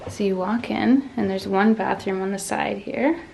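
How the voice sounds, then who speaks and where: A woman's voice: medium pitch, fairly even intonation, moderate pace, creaky, darkish tone. A woman chatting casually in a travel vlog, gushing and bubbly, laughing often. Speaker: travel vlogger. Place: hotel room and city streets. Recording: background noise and ambience.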